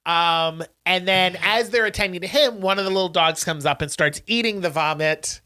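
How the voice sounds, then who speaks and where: Brief: male podcast co-host, bright tone, animated plot recap full of filler words. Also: high voice, moderate pace, smooth. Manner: animated storyteller, acts out lines, many "um"s. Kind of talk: casual chat, recapping a movie plot.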